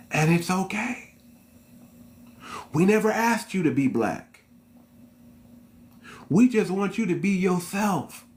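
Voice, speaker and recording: A man from the United States hosting his channel, talking straight to his viewers in an emphatic, slangy commentary that repeats its points. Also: medium pitch. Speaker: channel host. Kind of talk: unscripted commentary monologue.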